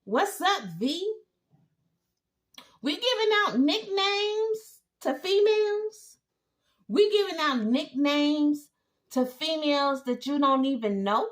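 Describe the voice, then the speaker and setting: A woman's voice: high-pitched, lively intonation, slow, voice pushed up. A woman voicing an eager young man who insists and pleads in a whiny way. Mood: indignant.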